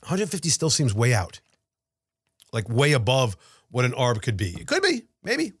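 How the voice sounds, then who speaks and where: Animated, stammering man talking markets. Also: mid-range voice, moderate pace, husky, no room sound, studio quality. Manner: rambling, stammering restarts, animated. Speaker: podcast co-host. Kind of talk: casual market chat.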